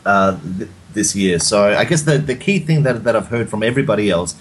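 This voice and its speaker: A man's voice: on the low side, lively intonation, fairly quick, a little hiss or hum, low-quality recording. A man from Sydney with an Australian accent, co-hosting a casual tech chat podcast and often restarting his sentences. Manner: repeats and restarts words often, says "mate" and "man". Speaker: podcast co-host.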